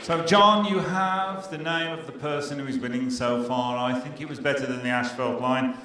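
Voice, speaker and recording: A middle-aged man comparing a stage competition, telling jokes with deadpan punchlines and teasing the live audience. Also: mid-range voice, normal speed, crowd noise. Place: stage in a pier theatre before a live audience.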